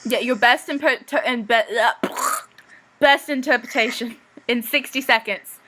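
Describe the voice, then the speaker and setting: A young woman hosts a casual fan podcast from her computer mic on a video call. Her voice is bright and a little high. She runs things briskly and cracks crude, teasing jokes. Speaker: podcast host. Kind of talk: casual chat.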